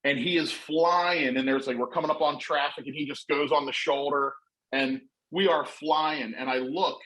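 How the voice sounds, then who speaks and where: A man telling a story in casual chat, acting out other people's voices with lively energy. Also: a little high, moderate pace, low-quality recording. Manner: animated, acts out voices in stories.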